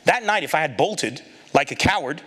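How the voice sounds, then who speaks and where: A man with a bright, forceful, slightly high voice tells a funny story in an animated way. He gives the people in his anecdote their own voices and laughs at his own lines as he goes. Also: normal speed, breathy edge. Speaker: comedian giving a talk. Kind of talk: storytelling stand-up talk.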